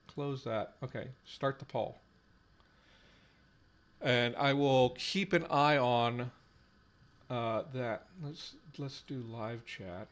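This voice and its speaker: A man hosts a live stream on building a language, working things out aloud at a very slow, halting pace. He trails off into fillers and repeats the same trial words again and again, with his voice at a middling pitch. Keyboard typing clicks in the background. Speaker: podcast host running a conlang stream.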